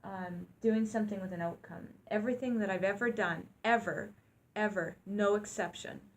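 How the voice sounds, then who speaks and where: A woman's voice: mid-range voice, moderate pace, slight background noise. A woman co-hosting a talk show, speaking in a reflective, earnest way about living in the present. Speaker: co-host. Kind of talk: reflective conversational chat.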